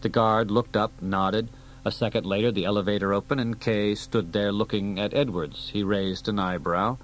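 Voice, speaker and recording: A man reading an audiobook aloud in a steady storytelling delivery. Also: lowish voice, normal speed, a little hiss or hum, rough recording. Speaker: audiobook reader. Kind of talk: audiobook narration.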